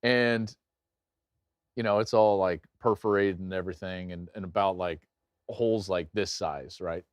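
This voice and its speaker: A middle-aged man hosting a live football watch-along, commenting excitedly on plays and telling stories he acts out loudly. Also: sits low, moderate pace, clean tone, no echo, studio quality. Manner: animated, jumps into loud acted-out anecdotes. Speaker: host and game analyst.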